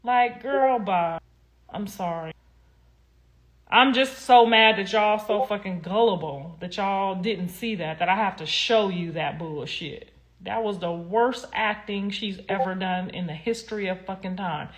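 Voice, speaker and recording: A woman's voice: mid-range voice, unhurried. A middle-aged woman from the United States, a guest in a candid interview, talking bluntly and animatedly, with mocking impressions.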